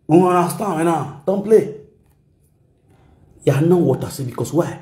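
A man's voice: fairly high pitch, animated, a little slow, pauses often, mellow, roomy sound. A man with a Nigerian accent giving casual, mocking commentary in a rant. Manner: mocking, mixes pidgin and local languages. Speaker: online commentator.

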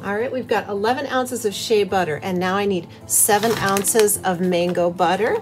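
Over music, a middle-aged woman chats at normal speed in a mid-range voice while hosting a home soap-making tutorial. She's cheerful and talkative, explaining each step as she works and laughing softly.

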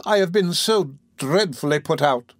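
A man's voice: fairly high pitch, lively intonation, measured pace, dry recording, pitched above the performer's own voice. A man voicing a flustered middle-aged woman matron who talks in a breathless, whimpering way. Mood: distressed.

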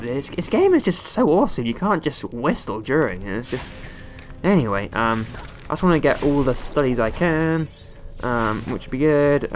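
A young man giving playful, rambling let's-play commentary over a video game, often jumping into squeaky high exclamations. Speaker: gaming YouTuber.

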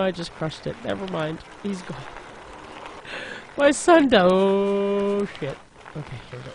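Male gaming commentator, lively swinging pitch, slow unhurried delivery, noisy home recording. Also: gravelly. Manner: frustrated, exclaiming and muttering at the game. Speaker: gaming YouTuber. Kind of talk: let's play commentary.

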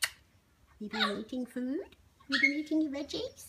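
A woman's voice: sits high, expressive, measured pace. A woman filming her pet parrots at home, cooing at them in sing-song baby talk and repeating their pet names. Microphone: handheld camera. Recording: loud parrot noise behind. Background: parrots squawking.

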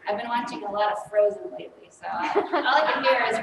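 A woman's voice: medium pitch, expressive, fairly quick, vocal fry, hardly any pauses, noisy background. A woman in her thirties, a priest giving a children's sermon in a chatty way, asking the congregation questions. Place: church sanctuary. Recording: echoey church from far off.

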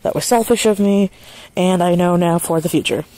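A woman vlogging in casual chat, rambling and swearing freely, speaking in a soft hushed voice outdoors at night while walking a dog. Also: on the low side, moderate pace, dry recording.

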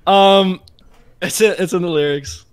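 A young man with a high voice talks over a call mic in loose, rambling podcast chat. He fills every phrase with "like", swears freely and laughs a lot. His pitch sits well above most men's. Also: steady tone, slow pace, clean tone. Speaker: musician guest.

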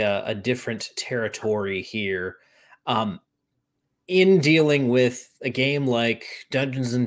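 Male host, mid-pitched, conversational, restarts phrases. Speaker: podcast host. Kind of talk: casual interview talk.

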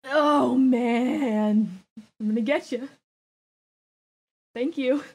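Woman streamer, kinda high voice, flustered and giggly, talks slow and drawn out. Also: a little mellow, husky. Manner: flustered, laughing, thanking viewers, bursts of protest. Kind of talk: live gaming stream chat.

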